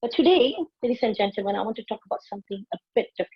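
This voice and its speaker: A woman's voice: medium pitch, very fast, slightly rough, muffled recording. A woman, giving a motivational speech and telling stories expressively, acting out her own inner voice. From Malaysia. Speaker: invited speaker, public speaking teacher.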